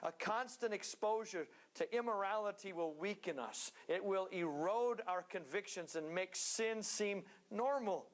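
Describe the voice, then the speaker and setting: A man preaching a sermon in a church, earnest and steady, now and then slipping into joking asides. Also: sits high, measured pace, few pauses.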